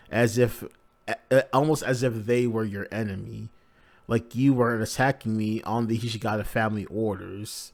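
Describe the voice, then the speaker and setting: A man's voice: on the low side, little pitch movement, moderate pace, darkish tone. A man hosting a live manga reaction, narrating the pages casually and crudely with many fillers.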